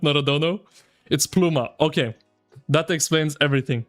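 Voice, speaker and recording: A man streaming live, chatting with his viewers in an excitable, slangy, ranting way. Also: on the high side, normal speed, faint music behind. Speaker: game streamer. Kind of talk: casual live-stream commentary.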